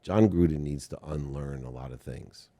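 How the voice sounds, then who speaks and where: Middle-aged male host, very low and mellow, rambling, self-deprecating, quick to laugh. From Ohio. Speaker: interview host. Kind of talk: casual interview conversation.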